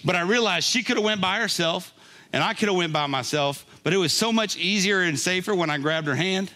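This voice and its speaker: A man's voice: high-pitched, brisk, sharp tone. An older man preaching a conversational sermon, often laughing and checking in with a "right?". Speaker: pastor.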